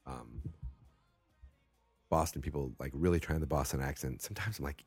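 A man's voice: rumbling low, moderate pace, vocal fry, darkish tone, husky, dry recording, faint music behind. A man with a Massachusetts accent, hosting a wrestling talk show in rambling, profane, self-mocking casual chat. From Massachusetts, USA.

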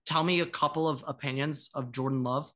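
A man's voice: on the high side, steady tone, brisk, a bit bright. A young man co-hosting a sports podcast, talking casually, blunt and teasing, often cutting in on his partner. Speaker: podcast co-host.

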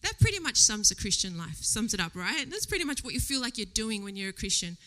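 Chatty bright-voiced woman preaching. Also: medium pitch, quick pace. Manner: chatty and animated, laughing often, whispering quoted thoughts. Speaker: lay preacher. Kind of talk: casual church sermon with a personal story. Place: church service before a congregation.

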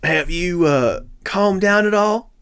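A man runs a tabletop role-playing game, narrating and arguing in character. His voice sits a little high, and he talks fast and casually, often restarting a sentence. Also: fairly bright tone, a little hiss or hum. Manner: quick, conversational, with restarts and laughs. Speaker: game master.

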